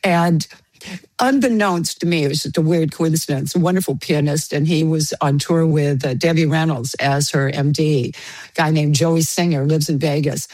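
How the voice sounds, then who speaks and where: A woman's voice: sits low, moderate pace, no echo. A woman radio host telling a funny travel story in a casual chat, acting out the voices of the people in it. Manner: lively storyteller, acts out quoted voices, laughs often. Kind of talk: anecdote told in casual chat.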